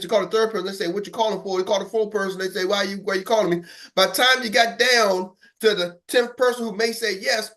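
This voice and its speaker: A man's voice: high-pitched, fairly bright tone. A man coaching in a motivational talk, streetwise and emphatic, repeating phrases for rhythm. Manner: acts out phone calls. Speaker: business coach.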